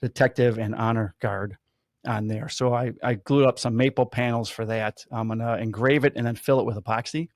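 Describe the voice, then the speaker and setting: A man's voice: medium pitch, moderate pace, no room sound, clean studio sound. A man, a police officer casually telling stories and acting out the quotes. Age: 50s. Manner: animated storyteller, acts out quotes. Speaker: podcast host, police officer. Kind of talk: casual storytelling chat.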